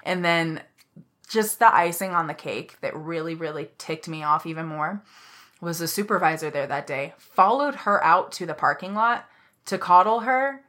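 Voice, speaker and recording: A young woman on a casual podcast, telling a work story in a heated, animated way with plenty of swearing. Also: on the low side, normal speed.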